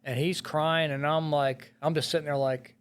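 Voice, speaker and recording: A middle-aged firefighter and police officer telling a painful rescue story in a podcast interview, blunt and full of swearing. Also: male voice, fairly high pitch, flat delivery, normal speed, smooth. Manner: blunt and profane, heavy swearing and filler words.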